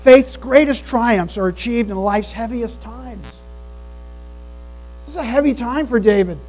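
A man's voice: very high-pitched, measured pace, a little mellow, soft background music, low-quality recording. A man preaching a sermon as pastor, earnest and emphatic, repeating key phrases. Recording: mains hum behind the voice.

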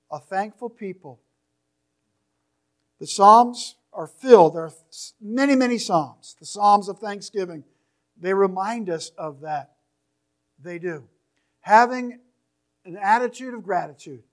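High-voiced preacher, slow emphatic scripture reading. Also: male voice. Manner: reads scripture slowly and emphatically, drops to near-whispers at phrase ends. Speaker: pastor. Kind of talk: sermon. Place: church.

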